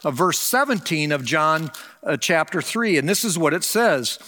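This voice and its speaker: Older pastor preaching in a reverberant church. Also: male voice, fairly high pitch, lively intonation, sharp tone. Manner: earnest preaching, slows down to stress key phrases. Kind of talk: Christmas sermon. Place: church sanctuary.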